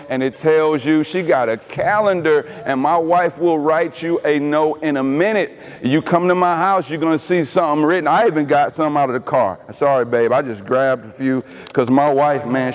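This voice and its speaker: A man with preaches in a loose, joking way, calling questions out to his congregation. His voice sits a little high for a man. The sound rings with the long reverb of a large hall. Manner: casual, joking preaching with call-and-response to the congregation. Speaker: pastor. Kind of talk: sermon. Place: church sanctuary.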